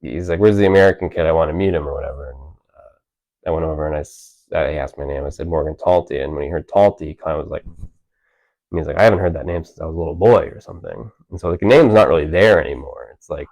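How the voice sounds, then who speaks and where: This author guest, also a man in his thirties, chats casually at a library event with an extremely low, creaky, slightly mellow voice and a fast delivery. His talk wanders, packed with fillers and false starts, over poor audio.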